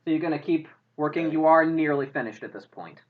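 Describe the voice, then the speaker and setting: A woman's voice: low voice, a little fast. A woman narrating as game master in a loose, casual way with many fillers. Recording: muffled lo-fi audio.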